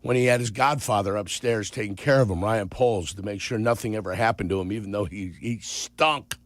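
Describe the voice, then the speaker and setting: A man co-hosting sports radio, talking bluntly and teasing his partner, his voice gravelly and congested with sinus trouble. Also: on the low side, a little fast, no room sound, clean studio sound. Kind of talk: casual sports talk. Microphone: studio broadcast mic.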